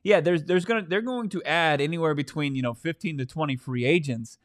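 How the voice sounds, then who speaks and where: A man co-hosting a casual sports podcast, animated and playfully exasperated, speaking from a studio. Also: on the high side, brisk. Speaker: podcast co-host.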